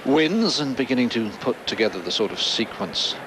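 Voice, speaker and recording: Guy doing tennis play-by-play, steady and factual, clear court noise behind. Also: mid-range voice. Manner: measured, factual, reels off scores. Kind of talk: sports commentary.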